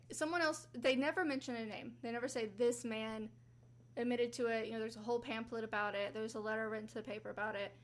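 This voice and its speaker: Brief: female podcast host, slightly high voice, casual true-crime narrator, chatty. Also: fairly even intonation, fairly quick, pauses often. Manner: chatty, acts out quotes with rising pitch.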